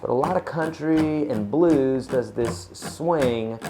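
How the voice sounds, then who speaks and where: A man giving a casual acoustic guitar lesson, chatty and relaxed, counting beats aloud. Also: medium pitch, takes it slowly. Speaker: guitar teacher. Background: acoustic guitar playing.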